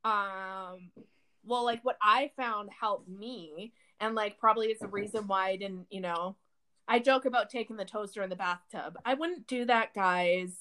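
A woman's voice: medium pitch, moderate pace, pushed and bright. A young woman co-hosting a podcast in casual chat, teasing and joking, rambling with restarts. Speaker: podcast co-host.

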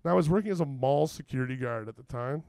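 Man, gravelly, animated storyteller, swears, dry close mic. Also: quick pace, no room sound. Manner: lively, acts out every character with big pitch swings; swears casually, says "like" often. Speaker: podcast co-host telling a story.

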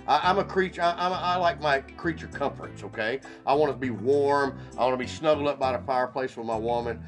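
A man's voice: mid-range voice, fairly quick, soft background music. A man co-hosting a podcast in casual banter, blunt and opinionated, often stumbling over restarts. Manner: blunt and opinionated, repeats "you know what", stammers on restarts. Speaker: podcast co-host.

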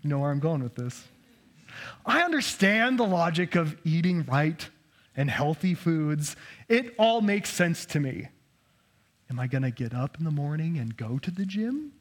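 A man's voice: on the high side, very animated, moderate pace. A man preaching a sermon in a conversational way, asking rhetorical questions and joking at his own expense. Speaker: pastor.

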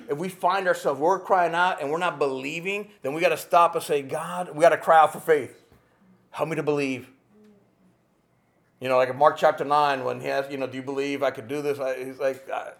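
A man preaching a sermon with passion, rising to near shouts and dropping to quiet, earnest tones. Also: fairly high pitch, fairly even intonation, moderate pace. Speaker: pastor.

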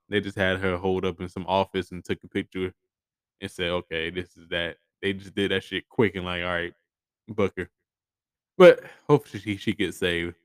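A man's voice: sits low, a bit bright, smooth, no echo. A man hosting a podcast with blunt, profane commentary, frequent stammered restarts. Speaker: podcast host. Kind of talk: casual solo commentary.

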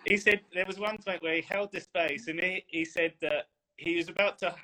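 A man who coaches and mentors others, telling stories in a lively, casual conversation. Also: high-pitched, normal speed, low-quality recording. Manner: animated storyteller.

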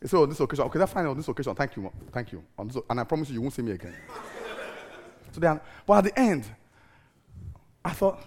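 A man's voice: fairly high pitch, big pitch swings, fast, long pauses, darkish tone. A middle-aged man preaching a sermon who tells a comic story, acts out his own anger and laughs as he goes. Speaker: pastor.

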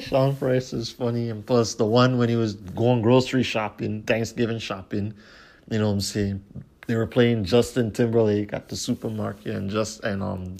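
Low gravelly male podcast host. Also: fairly even intonation, measured pace, a little mellow. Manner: profane, slangy, repeats "you know what I'm saying". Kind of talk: casual solo podcast talk.

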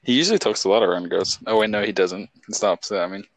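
A man's voice: on the low side, fast, no echo. A man joking and teasing friends in a casual podcast chat.

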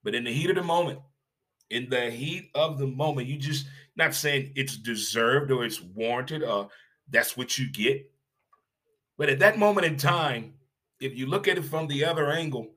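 At a moderate pace and medium pitch, a male sports commentator delivers a lively, opinionated tirade. He hammers his points repeatedly, asks rhetorical questions and curses in a blunt, offhand way.

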